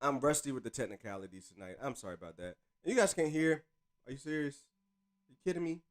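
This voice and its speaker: A man's voice: medium pitch, expressive, fast, heavy background noise. A man hosting a live stream in casual chat, hyped and talking straight to his viewers through a desk microphone. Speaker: streamer host.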